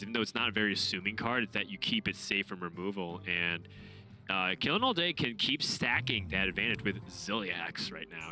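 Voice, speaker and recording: Man, esports commentator, lower voice, analytical, music bed behind. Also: pushed and bright. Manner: analytical, joking asides. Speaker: esports caster. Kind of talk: play-by-play commentary.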